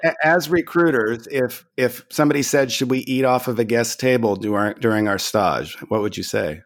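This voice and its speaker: A man co-hosting a casual chat, telling a story in a relaxed, measured way. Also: medium pitch. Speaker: podcast co-host.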